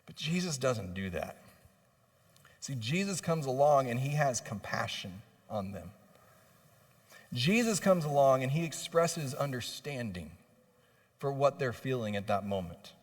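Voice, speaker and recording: A man's voice: medium pitch, sing-song, a little slow. A man preaching a sermon as pastor, passionately voicing pleading questions and building in intensity. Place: church sanctuary. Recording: long reverb of a church hall.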